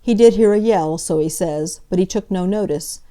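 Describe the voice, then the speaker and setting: A woman voicing a slow, stolid young male detective with plain working-class speech. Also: on the low side, dark tone, natural voice. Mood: earnest.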